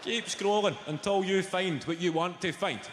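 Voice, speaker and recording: Swearing Scottish stand-up comedian. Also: male voice, high voice, normal speed, heavy background noise. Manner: animated, swearing, storytelling. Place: large comedy venue. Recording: echoey hall with loud crowd.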